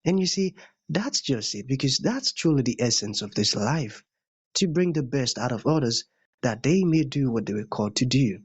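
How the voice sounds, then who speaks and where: A man's voice: medium pitch, animated, moderate pace, slightly rough, dull audio. A man hosting an interview podcast, effusive and full of praise for his guest. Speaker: podcast host. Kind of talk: interview host questions.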